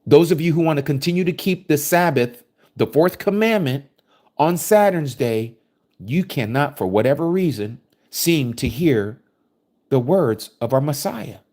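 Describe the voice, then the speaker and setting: A man's voice: a little high, lively intonation, measured pace, darkish tone. A man preaching a scripture study, reading verses aloud and commenting on them with emphasis. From United States.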